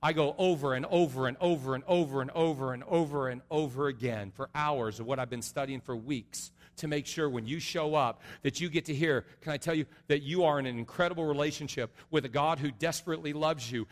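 A middle-aged man preaching an earnest sermon as a pastor, going from soft and low to loud and high. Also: fairly quick, hardly any pauses. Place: large church sanctuary. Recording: long reverb of a large hall.

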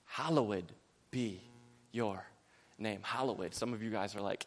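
A young man preaching a sermon quickly and energetically, mixing in jokes and acted-out quotes. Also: on the low side, fairly even intonation, big-room sound.

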